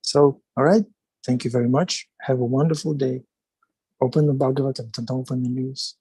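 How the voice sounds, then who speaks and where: A man's voice: mid-range voice, steady tone, moderate pace, mellow, breathy edge, no room sound, rough recording. A man offering closing remarks to a temple class in a conversational, exhorting way.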